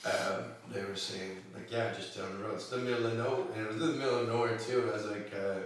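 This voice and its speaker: A man in casual comedic chat as co-host, halting with fillers and laughing at his own jokes. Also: lowish voice, fairly even intonation, slight background noise. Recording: echoey room, distant mic.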